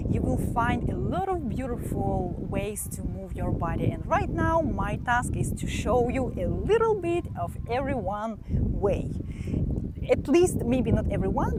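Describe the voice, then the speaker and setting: Woman counting out a belly dance class. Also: a little high. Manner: counts beats aloud and cues body posture. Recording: loud background noise.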